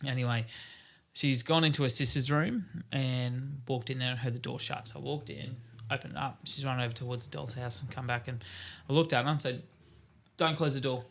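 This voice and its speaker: A man's voice: mid-range voice, fairly even intonation, a little fast, creaky, fairly bright tone. An Australian man in his thirties chatting casually on a podcast, telling stories about his kids with lots of laughter. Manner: laughing storyteller, acts out his kids' lines. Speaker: podcast co-host. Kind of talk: casual chat.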